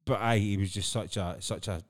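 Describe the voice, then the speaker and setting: A Scottish man co-hosts a podcast in relaxed conversation. His voice sits very low, and he tells stories with easy laughter. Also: fairly quick. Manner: chatty storyteller, laughs often. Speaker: podcast co-host. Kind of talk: casual chat.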